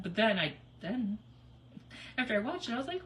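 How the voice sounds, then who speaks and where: A woman's voice: a little high, big pitch swings, normal speed, fairly bright tone. A woman chatting casually while crafting on a live stream, rambling with fillers and giggles. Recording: distant mic with noisy room ambience.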